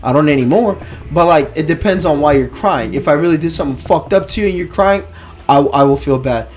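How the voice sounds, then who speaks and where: A man telling a story in casual podcast chat, animated, swearing a lot and leaning on "like". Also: fairly high pitch, fairly quick. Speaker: podcast co-host.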